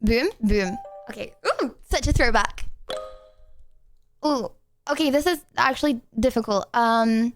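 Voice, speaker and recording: A woman's voice: a little high, unhurried, soft background music. A woman streamer chatting casually with her live chat in a bubbly, rambling way while she plays a drawing game.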